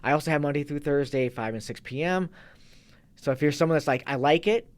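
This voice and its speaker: A man's voice: fairly high pitch, fast talker, clear, resonant tone. A man, a fitness and kettlebell coach, talking loosely as an interview guest and restarting his sentences often. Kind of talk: casual interview talk.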